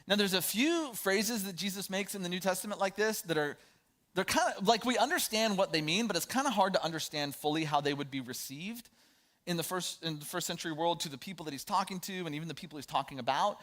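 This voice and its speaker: Guy with a high voice preaching casually, chatty storytelling sermon. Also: expressive, fast talker, fairly bright tone. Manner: conversational preaching with fillers and storytelling asides. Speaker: pastor.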